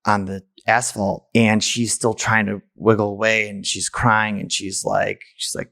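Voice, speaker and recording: A man hosting a podcast tells a personal story, blunt and candid, swearing casually. His voice sits low with a gravelly edge. The sound is dry and close, with no room around it. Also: measured pace, fairly bright tone, dry recording. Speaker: podcast host.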